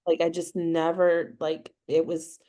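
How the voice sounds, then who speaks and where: A woman's voice: lowish voice, monotone, a little slow, warm tone. A woman speaking as an interview guest over a video call, heartfelt and peppered with "like" and "you know". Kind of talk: casual interview chat.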